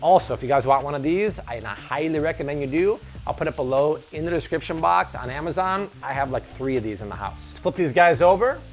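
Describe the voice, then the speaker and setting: A man's voice: a little high, animated, fast, few pauses, slight background noise. A man hosting a cooking tutorial in his kitchen, talking to viewers in an enthusiastic, chatty way. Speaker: cooking show host. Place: home kitchen at the stove.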